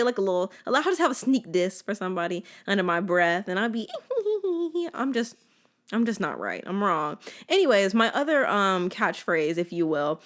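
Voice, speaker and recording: A woman's voice: mid-range voice, fairly bright tone. A woman in her twenties hosting a casual solo podcast, chatty and sarcastic, with a playful, filler-heavy way of talking. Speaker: podcast host.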